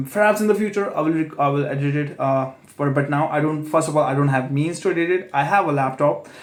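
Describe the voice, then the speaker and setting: A young man, rambling alone in a home vlog, hesitant with many fillers and self-corrections. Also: mid-range voice. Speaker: vlogger. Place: room at home at night. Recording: echoey room.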